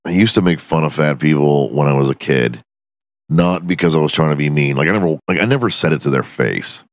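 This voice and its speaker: A man's voice: very deep voice, a little fast, dry recording, clean studio sound. A man hosting a podcast alone in his room, delivering a profane, self-mocking comedic rant. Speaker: podcast host.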